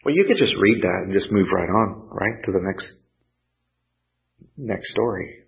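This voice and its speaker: A man preaching a sermon, earnest and pausing, lifting his voice when he quotes scripture. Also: lowish voice, expressive, vocal fry. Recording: dull lo-fi sound.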